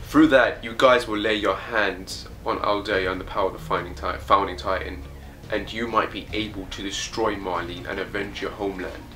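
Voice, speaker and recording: A man's voice: fairly low pitch, fairly even intonation, normal speed, sharp tone, faint music behind. A man reading an accusing young male comrade.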